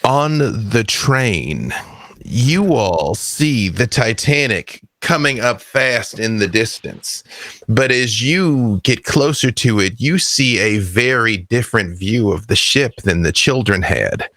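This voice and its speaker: Male game master, unhurried, bright voice, dry recording. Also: lowish voice, animated, dry recording. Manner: measured, vivid storytelling. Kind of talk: descriptive tabletop narration.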